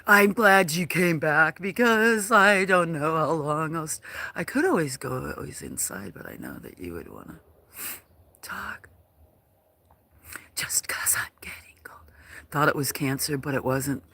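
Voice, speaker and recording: A man hosting a casual livestream outdoors at a farm, talking in a soft, hesitant way with lots of fillers. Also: fairly high pitch, very animated, vocal fry. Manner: slow, soft-spoken, hesitant with many fillers. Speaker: livestream host.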